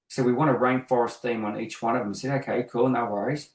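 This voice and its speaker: A man's voice: medium pitch, fast. A middle-aged Australian man telling anecdotes in casual chat, acting out both sides of each story. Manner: animated, acts out both sides of his anecdotes. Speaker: guest graffiti artist. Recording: echoey room.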